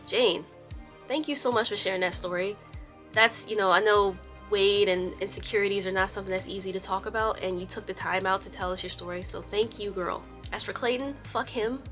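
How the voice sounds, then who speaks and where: Woman host, casual storytime narrator, mid-pitched, blunt and sassy, light music bed. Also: pushed and bright. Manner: sassy, blunt, swears freely in asides.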